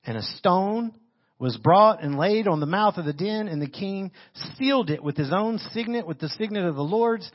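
A man with a high-pitched voice delivers a sermon as pastor, reading scripture and stopping to comment on it with animated emphasis. He talks into a handheld microphone in a church. The recording sounds muffled and lo-fi. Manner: animated preaching, reads scripture and then comments on it.

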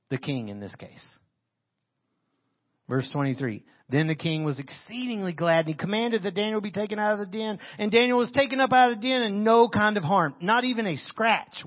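A man preaching a sermon as pastor. He reads scripture and comments on it with animated emphasis into a handheld microphone. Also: a little high, lo-fi sound.

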